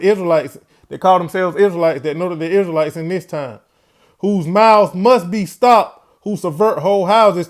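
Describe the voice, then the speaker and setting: A man hosting a religious commentary show, speaking in a preachy way and ending his phrases with "man". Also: sits high. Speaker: host.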